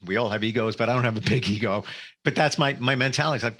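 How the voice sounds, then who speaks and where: A man's voice: mid-range voice, expressive, quick pace, fairly bright tone. A man hosting an interview, asking questions and sharing personal thoughts earnestly, with small restarts. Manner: earnest, personal, stumbles on words. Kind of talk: interview conversation.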